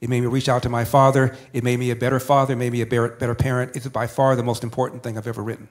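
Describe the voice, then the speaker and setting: A man's voice: medium pitch, little pitch movement, racing. A man telling a personal story as an interview guest, emphatic and building with repeated phrases. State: emotional, near tears.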